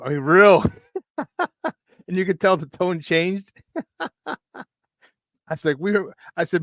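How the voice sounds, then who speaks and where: Male morning sports talk host, hypey, slightly high voice. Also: extremely slow, long pauses, no echo. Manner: animated, hypey, laughs often.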